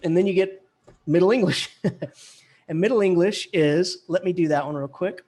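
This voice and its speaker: Husky-voiced man lecturing, chatty and jokey. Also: high-pitched, normal speed, a little mellow. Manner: chatty, jokey, playful mock accents. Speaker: English professor lecturing. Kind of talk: lively classroom lecture.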